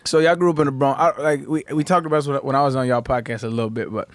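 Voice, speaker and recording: A man from New Mexico, a podcast guest in casual chat who talks in a relaxed way and laughs easily. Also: mid-range voice, very fast. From Albuquerque, New Mexico.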